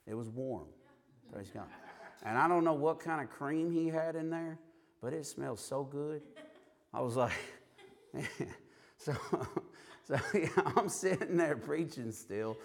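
A man's voice: on the high side, unhurried, gravelly. A man preaching and telling a personal testimony, acting out quotes as he goes. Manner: animated storyteller who acts out quotes. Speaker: street preacher. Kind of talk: sermon testimony storytelling.

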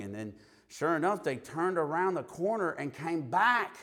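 Speaking a little slowly in a higher-pitched voice, this man preaches on the street and shares his testimony. He tells it with animation, performing each quote as he goes.

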